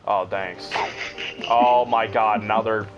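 A man's voice: fairly low pitch, fairly even intonation, slow, low-quality recording. A young man commentating casually over gameplay, crude and joking, swearing a lot. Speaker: gamer. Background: game music.

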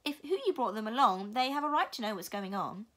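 Woman doing a calm wise little boy. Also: a little high, a little fast.

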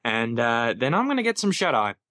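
Bright-voiced man thinking aloud at a game table. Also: mid-range voice, big pitch swings, a little fast, dry recording, studio quality. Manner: thinks aloud while planning strategy. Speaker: player.

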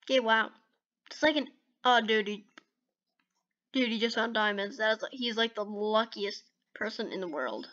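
A woman hosting a gaming video, giving casual reaction commentary in an excitable, chatty way, saying okay and dude over and over. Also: medium pitch, moderate pace, long pauses, lo-fi sound.

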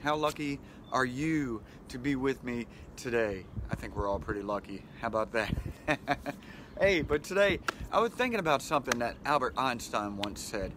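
A middle-aged man talks into his phone outdoors by the water, rambling in a friendly way and chuckling often. His voice sits at an ordinary pitch for a man. Faint outdoor noise runs under the recording. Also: animated, normal speed. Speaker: vlog host. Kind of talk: casual motivational vlog. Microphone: handheld phone camera.

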